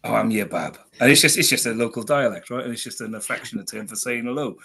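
A man with a faint Welsh accent and a mid-range voice chats in an easygoing way. He stumbles and restarts now and then as he talks on a relaxed podcast. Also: mid-range voice, fast, breathy edge. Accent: Welsh, slight. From Wales. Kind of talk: casual chat.

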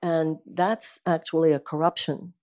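A woman speaking as a guest at a live event, talking about spiritual life in an earnest, animated, emphatic way. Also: low voice, unhurried. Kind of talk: conversational talk at a live event.

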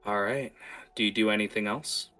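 A man narrating as game master of a tabletop game, quick and hesitant, with many fillers. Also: lowish voice, steady tone, sharp tone, faint music behind.

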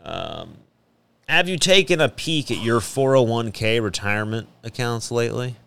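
A man's voice: mid-range voice, lively intonation, moderate pace, creaky, bright, forceful tone, clear, resonant tone. A young man hosting a casual radio talk show, joking around and reading things aloud. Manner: jokey, reads aloud with a hammy mock German lilt. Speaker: podcast host.

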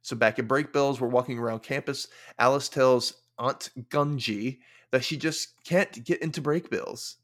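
A young man hosting a podcast, casually recapping an episode with animated storytelling and wry quoted asides. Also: medium pitch, normal speed, hardly any pauses. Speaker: podcast host.

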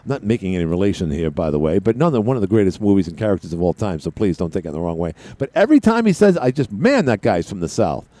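A male talk radio host rambling through a casual monologue, his pitch jumping up and down. The tone is dark and mellow, and the studio sound is dry and close. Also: no echo. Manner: rambling, chatty, frequent restarts.

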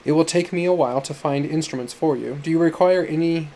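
Man doing a smooth, eager hotel manager. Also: a little high, quick pace, mellow, slight background noise, close to an everyday voice. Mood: obsequious. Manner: smooth, accommodating.

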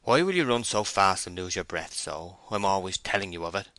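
A man gives voice to a stern young shepherd in an audiobook. The voice is deep and bright, and he speaks firmly and plainly. The sound is dry and close. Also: brisk, no room sound. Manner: firm, plain-spoken. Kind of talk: audiobook character reading.

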